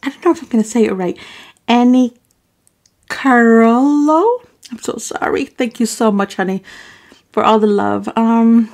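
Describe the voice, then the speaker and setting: With a fairly high, gravelly and darkish voice, an Arab mukbang vlogger slowly thanks her viewers by name, leaving long pauses. She's affectionate, calling them "baby boo," and apologetic when a name trips her up in these casual shout-outs.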